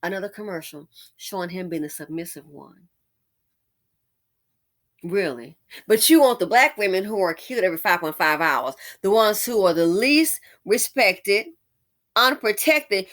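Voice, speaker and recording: A woman's voice: mid-range voice, lively intonation, normal speed, a bit bright. A woman giving sassy, exasperated opinion commentary as the host of her channel. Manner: sassy, exasperated, mocking impressions. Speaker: commentary vlogger.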